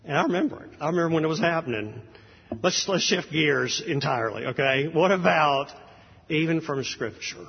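A pastor talks to his congregation in a loose, anecdotal manner, full of "ums" and restarts. His mid-pitched voice is a little husky. The dull, lo-fi recording carries long hall reverb. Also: animated, normal speed. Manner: conversational and anecdotal, with frequent fillers. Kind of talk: sermon introduction.

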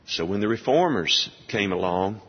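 A man preaching an expository sermon, emphatic and deliberate, firing off rhetorical questions. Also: fairly low pitch, lively intonation, breathy edge. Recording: dull lo-fi audio with long hall reverb.

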